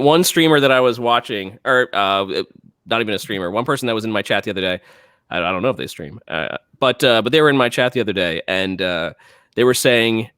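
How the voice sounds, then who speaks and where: A man's voice: fairly low pitch, a bit bright, clean tone, no room sound, clean studio sound. A man co-hosting a casual gaming podcast, reading patch notes aloud and chatting with frequent restarts. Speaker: podcast co-host.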